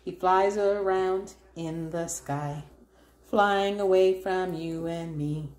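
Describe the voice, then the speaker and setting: A woman's voice: fairly low pitch, slow pace, darkish tone. A woman reading a first-words workbook aloud to her child, spelling out words letter by letter in a sing-song way. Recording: roomy echo.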